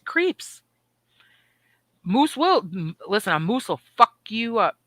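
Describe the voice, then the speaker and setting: Middle-aged woman co-host, bright voice, dry sound, lively and profane. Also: mid-range voice, slow pace, no room sound. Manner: animated, profane storytelling with voiced asides. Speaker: podcast co-host. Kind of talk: casual chat.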